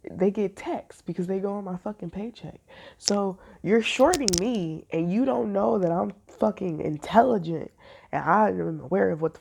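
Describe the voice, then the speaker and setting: Woman tarot reader, low mellow voice, blunt and profane, casual storytelling. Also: vocal fry.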